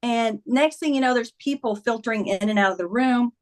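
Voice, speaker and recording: A woman's voice: fairly high pitch, a little fast. A woman guest in an interview, telling a personal story in earnest and acting out the dialogue of the people in it. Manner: vivid retelling that acts out quoted dialogue. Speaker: guest, author.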